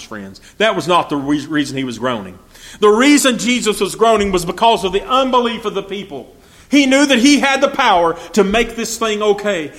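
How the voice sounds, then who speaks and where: A man's voice: sits high, fairly bright tone. A man preaching a sermon, asking rhetorical questions and reading scripture aloud in old-fashioned English.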